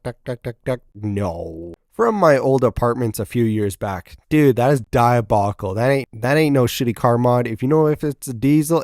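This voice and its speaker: A man's voice: fairly low pitch, a little mellow, no room sound, studio quality. A young man hosting a casual reaction video, blunt and profane, mocking what he sees with sudden outbursts.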